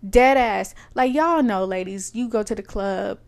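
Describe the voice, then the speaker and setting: A woman's voice: medium pitch, measured pace. A woman in her thirties hosting a podcast, ranting in a blunt, profane, emphatic casual style. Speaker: podcast host. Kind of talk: casual solo rant.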